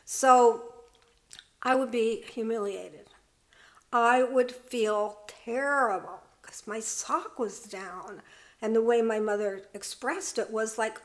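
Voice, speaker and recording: A woman telling a reflective personal story to her viewers in an earnest, thoughtful way, pausing often with fillers and restarts. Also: on the high side. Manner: halting, many fillers and restarts. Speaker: video host sharing personal story.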